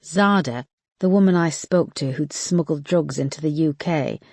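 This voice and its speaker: A narrator doing a brisk woman detective boss. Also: medium pitch, vocal fry, a little mellow, dry recording. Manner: curt, firm. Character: female detective chief, brisk, no-nonsense.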